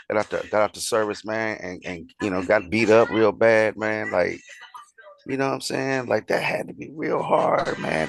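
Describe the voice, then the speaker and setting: Deep gravelly man chatting casually. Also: no echo. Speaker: co-host reacting to a video. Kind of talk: casual reaction chat.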